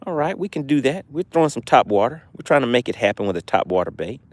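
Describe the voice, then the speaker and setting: A man's voice: medium pitch, sing-song, fast talker, a little mellow, dry recording. Laid-back southern guy chatting on a fishing stream, chuckles a lot, dry close sound. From Southern US, Georgia. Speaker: fishing livestream host. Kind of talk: casual live-stream chat, reading comments. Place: outdoors by the water.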